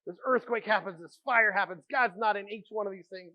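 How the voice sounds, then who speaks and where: A man preaching a sermon as pastor, telling stories with animated energy and dropping to a hush for quiet moments. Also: high voice, fairly quick, few pauses, muffled recording. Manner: animated storytelling, drops to a hushed voice for quiet moments.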